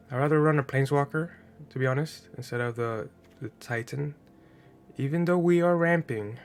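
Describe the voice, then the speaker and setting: Over soft background music, a man with a medium-pitched voice muses at a moderate pace while putting together a card deck. He sounds slightly nasal from allergies, chatty and filler-prone, often tossing in "right?" during casual gameplay talk.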